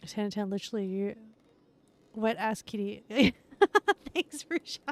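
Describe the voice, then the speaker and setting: A woman's voice: medium pitch, normal speed, a little mellow, dry recording. A woman streaming live, chatting casually with her viewers and laughing often as she plays.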